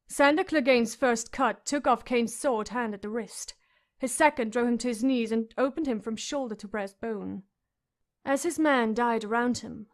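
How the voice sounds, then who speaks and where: A woman reading a fantasy audiobook with dramatic narration. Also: on the high side.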